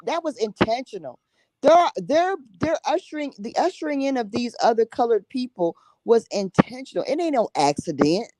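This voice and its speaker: A woman's voice: on the high side, mellow, dry recording, rough recording. A woman speaking as a guest on a talk show, emphatic and blunt, repeating herself and tagging her points with "okay?". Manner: emphatic, repeats herself, drops tag 'okay?'; blunt, salty language. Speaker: guest, summit organizer. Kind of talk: passionate conversational talk.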